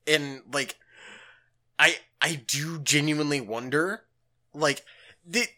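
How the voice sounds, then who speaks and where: With a fairly high voice and a slow pace, a podcast co-host recaps a story in a casual, animated chat. He leans on lots of fillers and acts out the quotes.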